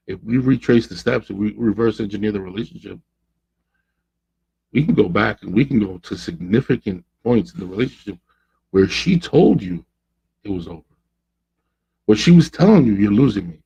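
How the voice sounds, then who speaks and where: Podcast host, man, husky and dark-toned, preachy advice monologue, dull lo-fi sound. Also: on the low side, normal speed, pauses often. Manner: preachy, acts out quoted voices.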